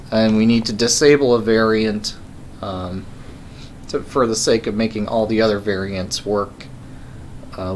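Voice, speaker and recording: A man's voice: on the low side, a little hiss or hum. A man live-streaming his coding work, thinking aloud in a wry, casual way with many ums and uhs.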